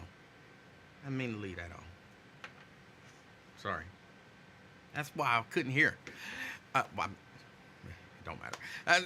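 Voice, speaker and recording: A man hosting a casual live stream, greeting viewers by name and chatting loosely while saying his energy is low. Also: pushed and bright, a little hiss or hum. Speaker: host.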